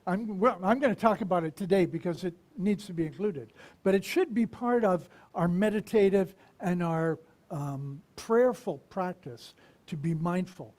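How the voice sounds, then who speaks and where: A minister giving a conversational sermon, asking the congregation questions and pausing to reflect. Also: medium pitch, a little mellow. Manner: unhurried and reflective, with pauses.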